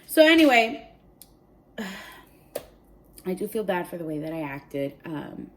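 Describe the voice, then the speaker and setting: A pregnant woman vlogging, telling a story to camera in an animated, chatty way, often saying "like" and "literally.". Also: lowish voice, slow, slight background noise.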